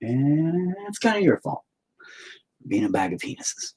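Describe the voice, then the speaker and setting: A man's voice: fairly high pitch, very animated, unhurried, a little mellow, a little hiss or hum, poor audio. A man chatting casually and crudely while he paints, rambling and joking with lots of swearing. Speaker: painter streaming his work.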